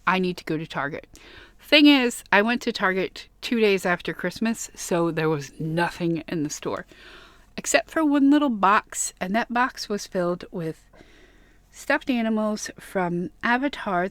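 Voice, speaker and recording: Woman vlogger, casual gushing chat, mid pitch, slightly worn voice, dry room. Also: expressive, moderate pace, fairly bright tone, no echo. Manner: gushing, chatty, giggly asides. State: voice getting worn. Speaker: vlogger showing a plush haul.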